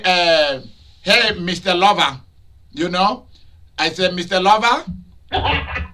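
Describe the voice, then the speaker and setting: Man preaching, high voice, very bright tone, shouted outbursts. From Nigeria. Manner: preaching with loud outbursts and laughter. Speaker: pastor. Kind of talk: sermon.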